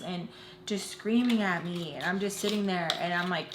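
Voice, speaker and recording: Here a woman with a lowish voice chats through a makeup storytime, rushing emotionally through a personal tale with lots of "like" and filler words. Background noise is present, and the room adds echo.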